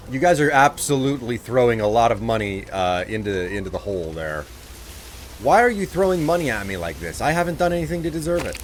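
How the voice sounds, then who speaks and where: A man's voice: medium pitch, big pitch swings, moderate pace, long pauses, slight background noise. A man streaming a game live, chatting casually with viewers, thanking them for gifts and sounding exasperated at their requests.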